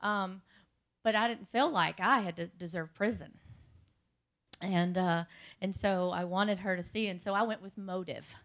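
A woman sharing her testimony before a congregation, speaking in a conversational storytelling way. She talks directly to the people in the pews at an everyday middle pitch. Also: unhurried, fairly bright tone. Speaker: church speaker giving testimony.

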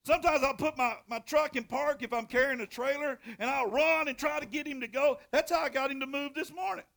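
A middle-aged man, a pastor preaching a sermon in a folksy storytelling way, drawing out scripture readings slowly and bursting into loud hollers. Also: very high voice, vocal fry. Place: church sanctuary.

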